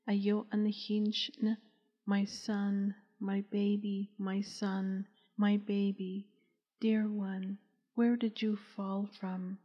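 An old warrior father murmurs to his son in a tender, breaking whisper, as a woman reading the story gives him voice. The delivery is slow and almost monotone. A dull, roomy recording sits around the voice. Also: medium pitch.

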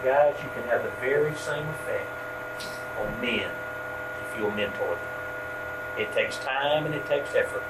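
A man leading a church workshop, telling a story in a folksy, animated way and closing with prayer. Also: mid-range voice, a little slow, pauses often. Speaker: ministry workshop leader. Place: meeting room at a church event. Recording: distant mic with steady hum.

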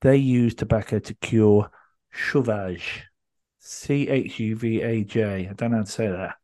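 A man's voice: on the low side, moderate pace, dark tone. A man hosting a podcast, telling a story in a rambling way with many ums and restarts. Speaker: podcast host. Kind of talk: casual podcast chat.

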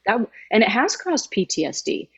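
A woman's voice: a little high, very animated, moderate pace, vocal fry, breathy edge. A woman guest in an interview, telling an emotional story with emphatic, heartfelt delivery. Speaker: guest, former sideline reporter. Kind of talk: conversational interview.

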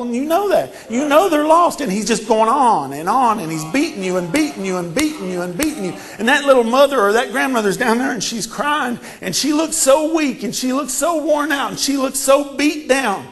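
A man with a notably high voice delivers a sermon. He swings from hushed storytelling to fervent, repeated declarations. His delivery builds to shouts. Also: lively intonation, moderate pace, few pauses. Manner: impassioned, building to shouted repetitions. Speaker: preacher.

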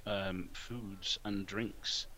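Formal, self-important preacher, played by a man, bright and tense. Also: low voice, steady tone, drawn-out words, full character voice, low-quality recording. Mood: pompous. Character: pompous male preacher of a church.

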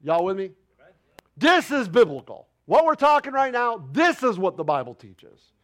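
A male pastor preaching a passionate sermon, asking rhetorical questions in casual folksy phrasing and rising to loud, emphatic declarations. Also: high-pitched, big pitch swings, normal speed. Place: church sanctuary.

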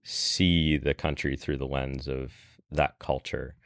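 A man talking as a guest on a podcast, relaxed and loose, filling pauses with "you know" and "um". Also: a bass voice, gravelly, no echo, clean studio sound. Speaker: guest, travel industry veteran. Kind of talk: casual podcast chat.

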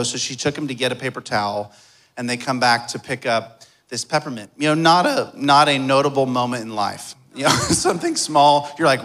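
A pastor delivers a sermon built around a personal story, his mid-range voice running a little fast. He swings from soft, hushed tones to loud, emphatic ones.

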